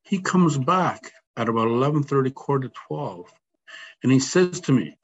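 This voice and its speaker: A man telling a personal story as a podcast guest, animated and acting out the voices of the people in it. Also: mid-range voice, moderate pace. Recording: slightly dull sound, faint background noise.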